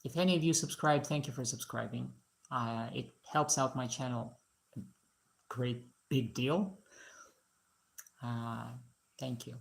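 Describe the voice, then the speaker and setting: A woman's voice: extremely low pitch, steady tone, unhurried, vocal fry, pauses often. A woman from Moscow with no foreign accent, chatting and joking with viewers during a casual live stream from her garage. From Russia (Moscow). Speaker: live-stream host, musician and painter.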